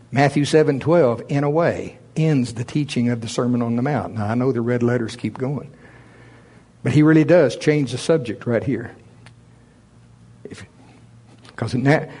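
A man's voice: medium pitch, warm tone. Man preaching a Sunday sermon. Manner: preaching with rising intensity, quoting scripture in old English. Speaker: pastor.

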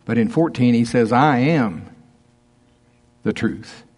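A man preaching a conversational sermon, laughing often and slowing down to stress scripture verses. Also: mid-range voice, expressive, a little mellow, breathy edge. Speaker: pastor.

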